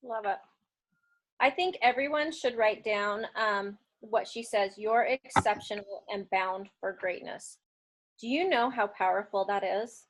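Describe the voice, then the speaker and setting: A woman's voice: medium pitch, measured pace. A woman hosting an online book club, enthusiastic and encouraging, laughing easily with her members.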